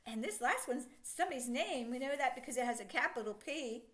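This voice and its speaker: A woman teaching a children's phonics lesson, sounding out letters slowly and praising the listener. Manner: slow, sing-song teacher voice with stretched sounds and lively pitch.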